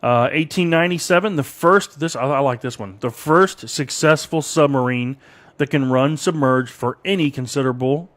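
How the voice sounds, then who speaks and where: This radio host's voice sits in the mid range, bright and unhurried. Broadcasting live from the studio, he trades easygoing banter with a co-host while reading out historical events tied to the date, laughing frequently.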